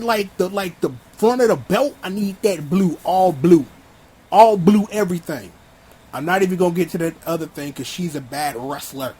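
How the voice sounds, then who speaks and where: A man with a high, husky voice rants casually and bluntly, full of slang and swagger. He talks in an animated, opinionated way, like a vlogger riffing to his viewers. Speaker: wrestling commentator vlogger.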